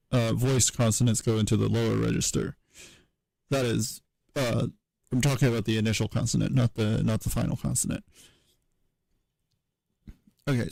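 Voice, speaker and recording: A man giving a casual livestream tutorial, thinking aloud at his computer in a halting way, with many fillers and self-corrections. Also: fairly low pitch, gravelly, a little mellow, dry recording, poor audio. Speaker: streamer teaching historical linguistics.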